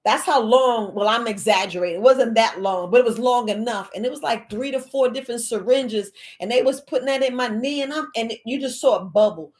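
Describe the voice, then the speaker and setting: A woman with a voice on the high side speaks fairly quickly, barely pausing, as she hosts a live Q&A. She tells a personal story casually and dramatically, animatedly exclaiming quoted reactions.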